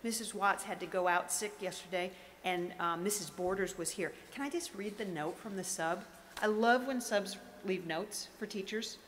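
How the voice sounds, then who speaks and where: A woman's voice: medium pitch, normal speed, fairly bright tone. A middle-aged woman hosting morning school announcements in an upbeat, chatty, encouraging way. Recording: reverberant room with faint noise.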